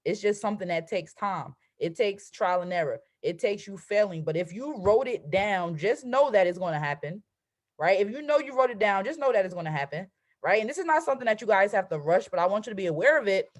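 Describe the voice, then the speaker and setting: Lively woman coaching with constant "right?". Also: mid-range voice, a little fast. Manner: conversational, keeps asking "right?"; energetic and animated, acts out excited affirmations. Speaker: trading and mindset coach. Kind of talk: motivational solo talk.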